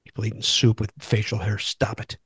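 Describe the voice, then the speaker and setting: A man hosting a podcast in a loose, joking way, quick to rib his guests and toss out questions. His voice sits at a middle pitch and is recorded dry and close, with no room sound. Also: little pitch movement, fairly bright tone, slightly rough, dry recording. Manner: teasing, asks questions. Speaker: podcast host. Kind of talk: casual chat.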